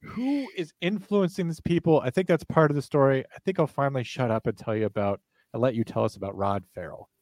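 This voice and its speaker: A man's voice: medium pitch, animated, fast, darkish tone, no room sound. A man co-hosting a true crime podcast in casual chat, full of dry mock-serious jokes. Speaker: podcast co-host.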